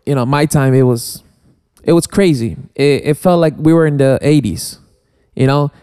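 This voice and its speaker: A man, a guest DJ, chatting casually and haltingly, with many restarts and "you know". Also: mid-range voice, dark tone, clean tone. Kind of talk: casual studio chat. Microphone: studio mic.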